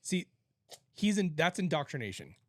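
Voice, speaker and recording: A man co-hosting a podcast in casual chat, explaining his views earnestly with quick joking remarks. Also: a little high, very animated, no echo, studio quality. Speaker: podcast co-host.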